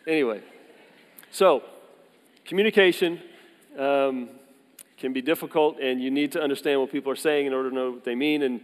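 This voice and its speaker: Storytelling male pastor, hall echo. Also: a little high. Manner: conversational, jokey storytelling with quick asides. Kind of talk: sermon with personal stories. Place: church hall. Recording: long hall reverb.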